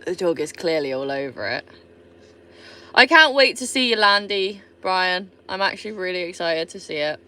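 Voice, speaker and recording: A woman's voice: on the low side, expressive, moderate pace, sharp tone. A woman from England with a Somerset accent, chatting casually and swearing freely on a live stream while she answers viewer comments. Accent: Somerset English. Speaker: livestreamer.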